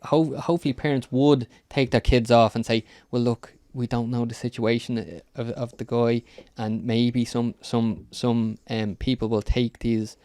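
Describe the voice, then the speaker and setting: A man's voice: medium pitch, level tone, a little slow, hardly any pauses, mellow, dry recording. A man talking on a podcast, earnest and rambling, with many ums as he feels his way through a point. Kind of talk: casual podcast chat.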